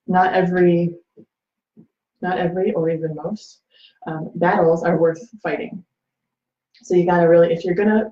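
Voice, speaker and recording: A woman with a fairly low, dark-toned voice hosts a chatty, rambling talk on relationship advice, packed with fillers and acted-out quotes. The sound is echoey and dull, with a lo-fi quality.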